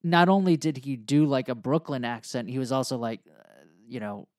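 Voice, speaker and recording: A man's voice: mid-range voice, expressive, moderate pace, darkish tone, dry recording, clean studio sound. An American man co-hosting a podcast, chatting in an easygoing, agreeable way. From United States. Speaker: podcast co-host. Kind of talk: casual chat.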